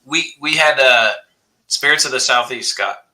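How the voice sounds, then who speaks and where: Male host, very bright sharp timbre, blunt storyteller, casual panel chat. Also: medium pitch, unhurried, distant mic, rough recording. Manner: blunt, swears, animated storytelling.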